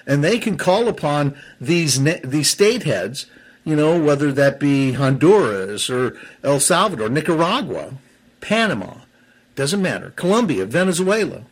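A man with a slightly high, husky voice delivers heated political commentary on a talk show at a measured pace, sounding very animated. As he gets worked up he stumbles and restarts sentences, describing himself as seething.

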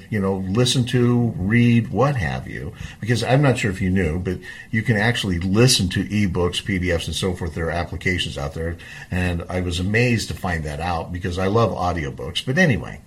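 A man's voice: sits low, slightly rough. A middle-aged man hosting his own show, talking through his ideas in a rambling, self-correcting monologue. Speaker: host of a civic podcast. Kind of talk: casual monologue.

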